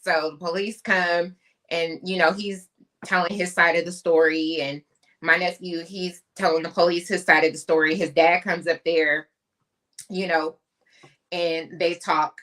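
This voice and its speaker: A woman's voice: on the low side, level tone, measured pace, a bit bright. A woman from the US West Coast co-hosting a podcast, chatty and emphatic as she tells stories. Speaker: podcast co-host. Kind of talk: casual podcast chat.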